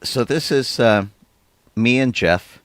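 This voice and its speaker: A man's voice: mid-range voice, slow, fairly bright tone, no echo. A man co-hosting a podcast, chatting casually and often trailing off mid-sentence. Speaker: podcast co-host. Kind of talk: casual chat.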